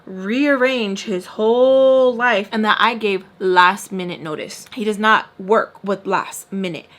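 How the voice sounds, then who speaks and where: A woman vlogger telling a storytime in an animated, candid way, full of fillers and swearing. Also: medium pitch, unhurried. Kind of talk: storytime vlog.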